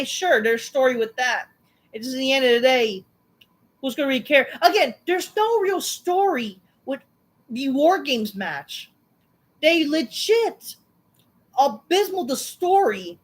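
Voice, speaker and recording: A woman's voice: on the high side, lively intonation, normal speed, poor audio. A woman hosting a wrestling review, ranting through a recap in a sarcastic, dismissive way with constant swearing. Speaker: wrestling show reviewer, channel host.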